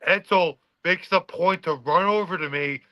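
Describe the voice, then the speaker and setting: A man's voice: sits high, normal speed, dry recording, highs cut off. A man, a former college football player, telling a story in casual podcast chat and acting out the quotes with swearing.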